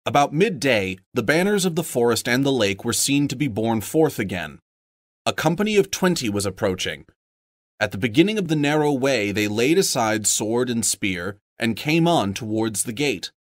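A man reading a story aloud with expressive, varied delivery. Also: medium pitch, moderate pace, no room sound, clean studio sound. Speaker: audiobook narrator. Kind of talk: scripted story narration.

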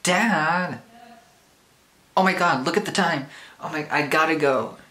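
A man voicing a panicked, whiny teenage cartoon son, yelling shrilly and sounding far from the mic. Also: a little high, a little slow, reverberant, pitched above the performer's own voice. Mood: exasperated.

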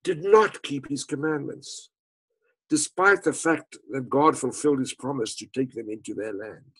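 Man, husky voice, dramatic storytelling, emphatic phrasing, phrases trailing off quietly. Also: mid-range voice, moderate pace, rough recording. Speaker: speaker telling a story to an audience. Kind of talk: storytelling lecture.

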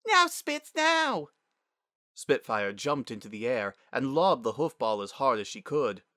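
A man narrating a story as a dramatic reading, measured and expressive. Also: medium pitch, no echo, clean studio sound.

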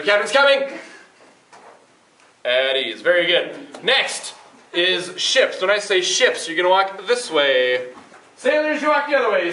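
A man explaining and leading a group game with playful, energetic commands in a large indoor hall. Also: high voice. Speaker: youth game leader. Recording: echoey hall, mic at a distance.

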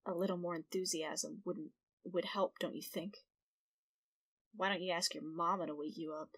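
A woman voicing a stern male senpai coworker who slowly lectures a late employee. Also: on the low side, fairly even intonation, a bit bright, pitched below the performer's own voice. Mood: scolding. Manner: slow, reproachful, lecturing.

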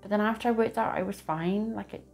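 A woman's voice: mid-range voice, fast, vocal fry, a little mellow, soft background music. A woman giving a casual tarot reading to camera, chatty and rambling, laughing often. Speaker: tarot reader.

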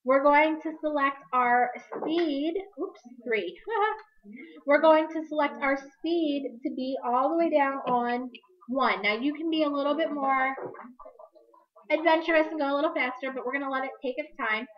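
A woman's voice: sits high, a little slow, lo-fi sound. A woman hosting a live crafting demonstration, chatty and upbeat, correcting herself as she goes, her voice a little worn. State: slightly losing her voice. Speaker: crafting demo host.

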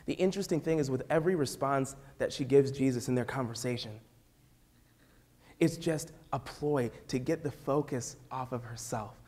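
A man's voice: mid-range voice, mellow. A man with a Midwestern American accent, a youth pastor preaching a sermon and telling the story with acted-out voices.

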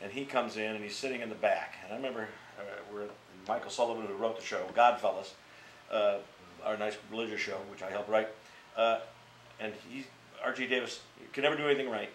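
An older man, a theater actor, telling stories in an interview in a blunt, profane, animated way. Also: fairly low pitch, fairly quick. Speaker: interviewee, Mime Troupe actor. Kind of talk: casual storytelling interview. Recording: echoey room with faint background noise.

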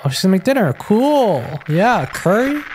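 A gaming YouTuber giving excitable let's play commentary, swearing and stammering as he reacts to the game. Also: mid-range voice, moderate pace, background noise.

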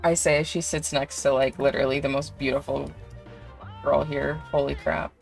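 A woman's voice: very deep voice, little pitch movement, normal speed, vocal fry, soft background music. A young woman giving chatty, giggly commentary over a life-sim game, full of fillers. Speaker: let's play creator.

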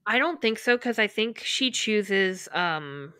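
A woman's voice: mid-range voice, animated, slow pace, sharp tone, smooth, no room sound, clean studio sound. A woman co-hosting a podcast, casually retelling scenes from a book and acting out the characters' lines. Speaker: podcast co-host.

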